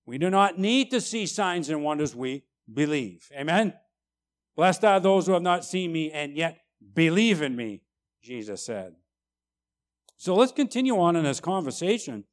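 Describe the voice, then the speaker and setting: A man preaching a sermon, emphatic, tagging lines with "right?" and swinging between loud and quiet. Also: on the high side, very animated, a little slow. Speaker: pastor.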